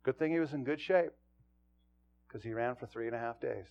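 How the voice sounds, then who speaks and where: A man who is a pastor and police chaplain, preaching a sermon that swings from quiet and low to loud and emphatic. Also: brisk, lo-fi sound.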